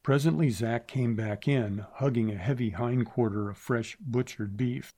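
Male narrator, western audiobook, measured, steady pace, medium pitch.

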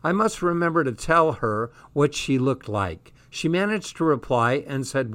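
Slow, dry-voiced male narrator. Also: on the high side, expressive, a bit bright. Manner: dry, sardonic delivery. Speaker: audiobook reader. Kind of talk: comic first-person diary narration.

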